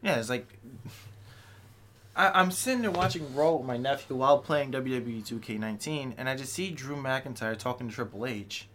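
A man on a casual podcast panel, telling stories in a sardonic, animated way. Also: medium pitch, normal speed, slight background noise. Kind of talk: casual chat.

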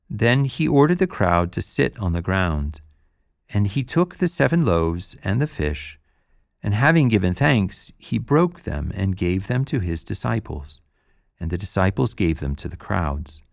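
Male scripture reader, gravelly, very dry close sound, solemn measured delivery. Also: sits low, expressive, no room sound. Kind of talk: scripture reading.

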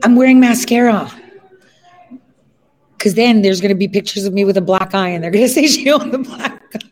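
A woman's voice: mid-range voice, quick pace. A woman from Ohio giving a rambling casual livestream monologue, full of fillers and asides. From Ohio, USA.

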